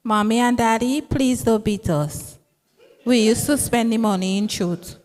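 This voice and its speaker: Lady doing a begging kid, highish voice, hissy background. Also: a little slow, darkish tone, lightly acted. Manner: whiny, pleading. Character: younger schoolgirl, pleading. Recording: noisy distant stage mic.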